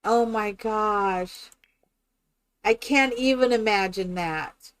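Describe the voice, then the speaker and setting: A woman's voice: medium pitch, slow, clean tone, dry recording. Rambling, chatty woman streamer. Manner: rambling, chatty, with many fillers and restarts. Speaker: game streamer. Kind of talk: casual chat while building in a game.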